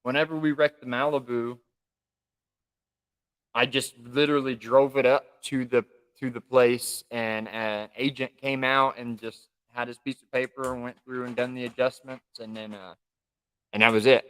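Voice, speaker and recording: A man's voice: medium pitch, fairly even intonation, moderate pace, fairly bright tone, clear, resonant tone. A man co-hosting a casual live stream from home, chatting in an easygoing, rambling way. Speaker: livestream co-host.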